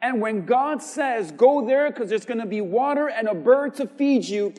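A man preaching a sermon as pastor, swinging from quiet, measured lines to shouted emphasis. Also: extremely high pitch, expressive, long reverb tail. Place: church.

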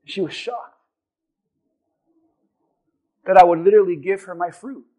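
A man, a pastor, preaching a sermon and telling a personal story with animated delivery that builds to forceful exhortation. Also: high voice, measured pace, rough recording.

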